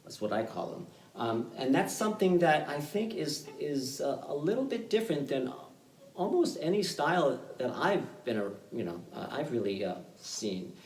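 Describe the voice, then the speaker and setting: A man teaching fiddle in an online workshop. He explains in a relaxed, halting way, with many fillers. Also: a little high. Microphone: video call. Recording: roomy sound, mic at a distance, loud fiddle playing.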